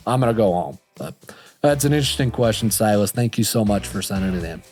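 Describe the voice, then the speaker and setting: A man's voice: lowish voice, fairly quick, darkish tone. Chatty man hosting a podcast. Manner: chatty, joking, self-deprecating. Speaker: podcast host. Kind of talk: casual podcast talk.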